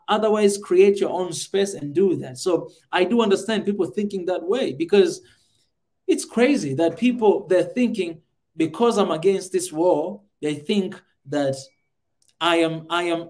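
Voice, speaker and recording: Guy on a podcast, high voice, fired up, keeps repeating himself for emphasis. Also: a little mellow. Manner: emphatic and fervent, repeats phrases for stress. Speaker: podcast host. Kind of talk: impassioned podcast monologue.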